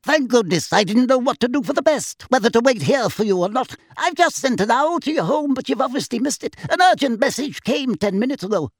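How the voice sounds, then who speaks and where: A man voicing a timid, stooped old male wizard who talks in a fretful, hurried rush, in an audiobook. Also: extremely high pitch, lively intonation, husky, dry recording, clean studio sound, voice pushed up, exaggerated voice. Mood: flustered. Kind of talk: audiobook character voice.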